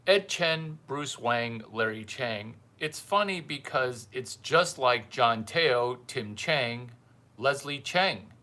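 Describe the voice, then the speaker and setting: In an offhand livestream talk, a male host acting as mentor ribs his viewers bluntly and repeats phrases to drive them home. His mid-range voice is expressive, slow, bright and forceful.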